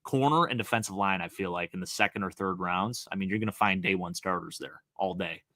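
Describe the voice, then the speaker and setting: A man from Western New York with a Buffalo accent, co-hosting a casual sports chat with eager, quick analysis. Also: low-pitched, sharp tone, no room sound, clean studio sound. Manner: enthusiastic, quick analytical talk with fillers. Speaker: co-host.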